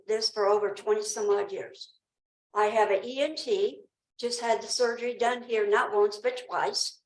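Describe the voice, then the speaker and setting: A woman with a Southern accent speaks in a slightly high voice, rambling and nervous, with her words sometimes coming out with effort. She is heard in a roomy meeting hall with echo around her. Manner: rambling, nervous, speech difficulty. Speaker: resident speaking at public comment. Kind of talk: emotional personal account. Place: town council meeting room.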